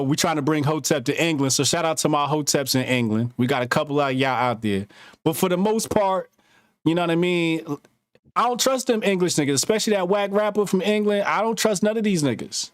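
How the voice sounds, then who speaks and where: A man co-hosting a casual podcast, talking in a profane, animated storytelling way. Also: a little high, brisk, clean tone, no echo, clean studio sound. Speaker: podcast co-host.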